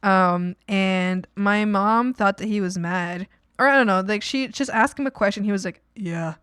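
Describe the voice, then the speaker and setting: A woman's voice: mid-range voice, moderate pace, a bit bright, clear, resonant tone, dry recording, clean studio sound. A woman streamer chatting casually while she draws, rambling with lots of fillers and frequent giggles. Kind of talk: casual chat while drawing.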